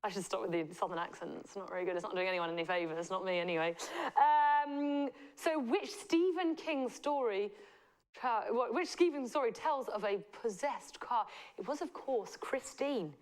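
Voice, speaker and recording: A woman from the Southwest of England with a West Country accent, hosting a live quiz show in a playful, teasing way with drawn-out answer reveals. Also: fairly high pitch. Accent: West Country English. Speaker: quiz host.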